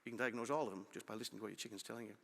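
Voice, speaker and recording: A middle-aged man gives a lively conference talk, his fairly low, creaky voice carrying long reverb through a large hall. He talks quickly and forcefully with a bright tone, often putting questions to the audience.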